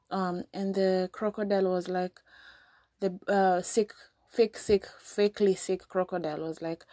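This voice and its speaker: Woman from Kenya, podcast host, low voice, casual chatty storytelling, dry close sound. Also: fairly even intonation, a little slow, a little mellow, dry recording. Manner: chatty, frequent fillers and restarts.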